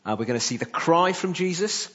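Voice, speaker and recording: A man preaching a sermon, pausing often with "uh" between phrases. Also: on the high side, expressive, fairly bright tone, dull audio. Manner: frequent "uh" fillers between phrases.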